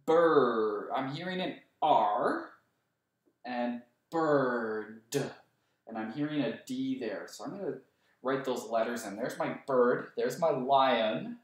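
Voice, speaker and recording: A male kindergarten teacher leading a writing lesson for young children, slowly sounding out words letter by letter. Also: medium pitch. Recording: roomy echo, voice a bit far from the mic.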